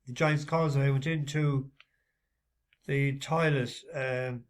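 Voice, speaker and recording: A man chatting casually in a vlog as a horse racing tipster, rambling with lots of halting fillers. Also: medium pitch, fairly even intonation.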